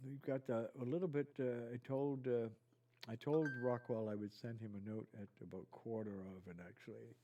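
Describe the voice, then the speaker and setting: With a warm, mid-range voice, a middle-aged man runs a live stream from his studio at home. Reading out viewer comments, he drifts from topic to topic in easygoing chatter sprinkled with self-mocking asides.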